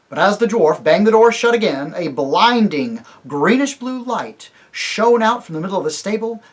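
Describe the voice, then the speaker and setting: A man, a priest, reading a children's novel aloud with expressive, animated delivery. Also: breathy edge. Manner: expressive, animated reading with wide swings in pitch and loudness. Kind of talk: storybook read-aloud narration.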